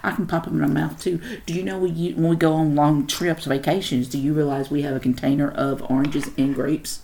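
A woman's voice: sits low, fairly even intonation, fairly quick, gravelly, warm tone. A middle-aged woman hosting a casual podcast chat at home with her son, teasing and laughing. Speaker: podcast host.

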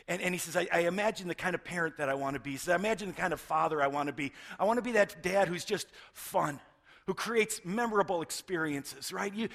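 A middle-aged man, a pastor, preaching a sermon in an earnest way, often restarting words and swinging between loud stresses and hushed lines. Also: high-pitched.

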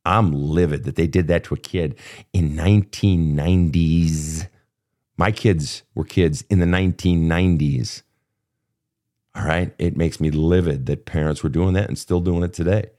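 A man's voice: low voice, steady tone, moderate pace, warm tone. A man in his fifties coaching a guest through childhood pain in a blunt, profane, impassioned way. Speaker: therapist host. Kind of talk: emotional coaching session.

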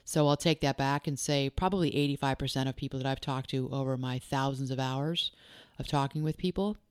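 A life coach and podcast host speaks earnestly and directly, firing off strings of probing questions and repeating key phrases for emphasis. Her voice is a rumbling low, fairly even in intonation and a little fast, smooth, with a dry, studio-quality recording.

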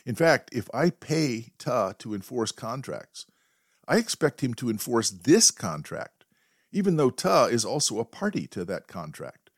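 A man hosting a podcast, telling a wry, deadpan story in a monologue. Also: mid-range voice, a little slow, husky, no room sound, clean studio sound. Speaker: podcast host.

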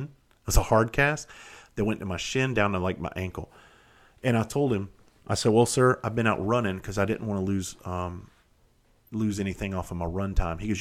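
A middle-aged man hosting a podcast, telling blunt, profane stories from his own past in a casual, self-deprecating way. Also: on the low side. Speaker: podcast host. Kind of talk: casual storytelling monologue.

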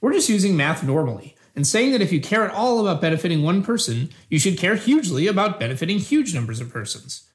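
A man reads as an earnest, patient, measured debater upholding utilitarian ethics in a scripted philosophical dialogue. His voice sits high and sing-song, and he sounds calm.

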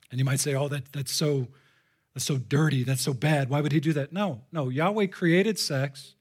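Man, pastor preaching to a congregation; slightly high-pitched, lively delivery that jumps from exclamations to hushed asides. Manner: animated, swings between loud exclamations and hushed asides. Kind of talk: live sermon. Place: church before a congregation.

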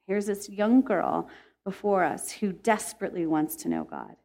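A woman's voice: mid-range voice, normal speed. A woman telling a heartfelt faith testimony to listeners, earnest and emotive. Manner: earnest, emotive, laughs when excited. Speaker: Christian speaker.

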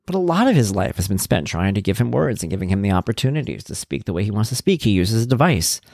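A middle-aged man hosting a podcast, telling stories about his son in a casual, animated way and getting worked up as he talks. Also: fairly low pitch, fast talker, creaky, dry recording, studio quality. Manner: animated storytelling, gets worked up, acts out quotes. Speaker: podcast host, parent of an autistic son.

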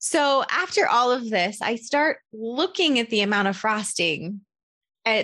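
A woman hosting a podcast, candidly telling a personal story as a parent in an animated, self-deprecating way. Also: medium pitch. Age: adult parent. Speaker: podcast host.

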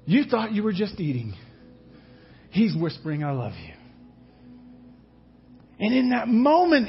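High husky voiced pastor guy preaching, big swings down to quiet, dull lo-fi sound. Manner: animated preaching, acts out quotes, drops to hushed tones. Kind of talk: sermon.

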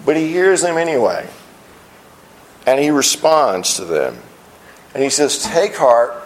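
A man preaching a sermon as pastor, earnest, often restarting phrases and slowing down on key lines. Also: a little high, very animated, rough recording. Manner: earnest, repeats words when starting phrases, slows on key lines.

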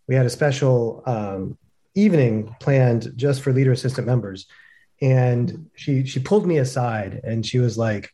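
A man's voice: mid-range voice, dark tone. A man talking casually on a webinar, chatty and full of fillers, telling stories with animation. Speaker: co-host. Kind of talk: webinar talk.

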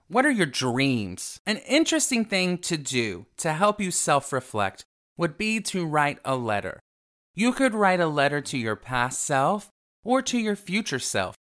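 Male host for a self-help radio show, flamboyant and theatrical, very animated pitch. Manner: theatrical, calls listeners darling.

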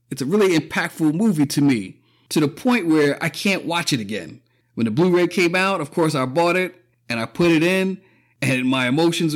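Emotional man with a slightly high voice. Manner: emotional, profane, choking up with frequent laughs. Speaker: podcast host. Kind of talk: casual opinion monologue.

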